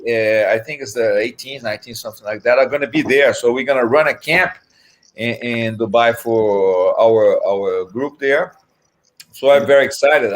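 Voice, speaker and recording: A man hosting a relaxed, easygoing interview chat about old training days. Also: medium pitch.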